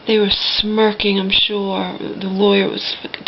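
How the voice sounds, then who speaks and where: A woman's voice: mid-range voice, completely flat delivery, measured pace, few pauses, lo-fi sound, a little hiss or hum. A woman ranting to her viewers in an indignant, mocking way, swearing and talking straight to the people watching. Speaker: vlogger. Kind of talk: angry personal rant to camera.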